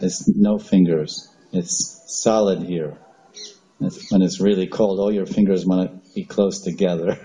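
Low, dark-voiced man giving a devotional talk. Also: low-quality recording. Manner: storytelling with asides and laughs. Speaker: spiritual teacher.

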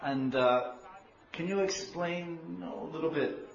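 A man voicing a shy, affectionate goddess wife who speaks softly and hesitantly, as part of a sermon. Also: medium pitch, measured pace, natural voice. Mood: soft, coaxing. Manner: soft, hesitant, coaxing. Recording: dull echoey room, faint hiss.

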